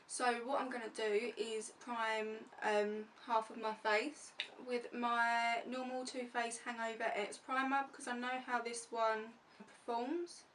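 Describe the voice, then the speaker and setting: Woman doing a chatty makeup vlog, slightly high voice, a bit far off the mic. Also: a bit bright. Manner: chatty, narrates each step as she goes. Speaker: beauty vlogger. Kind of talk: casual makeup tutorial chat. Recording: distant mic with faint room noise.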